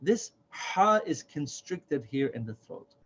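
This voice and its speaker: A man teaching a slow, careful alphabet lesson, patiently repeating each letter's name and sound. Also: fairly high pitch, big pitch swings, a bit bright, slightly rough. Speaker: Quran reading teacher. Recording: dull, lo-fi sound.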